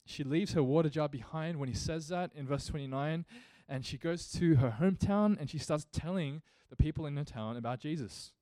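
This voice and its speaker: A man's voice: a little high, brisk, hardly any pauses, dark tone, dry recording. A male pastor preaching a sermon earnestly, building to emphatic rhetorical questions.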